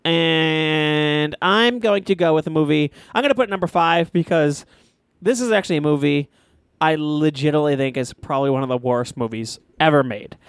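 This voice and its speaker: A man's voice: fairly high pitch, moderate pace, clean tone, no room sound. Blunt, foul-mouthed male podcast co-host. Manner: blunt, swears a lot, laughs often. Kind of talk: casual chat.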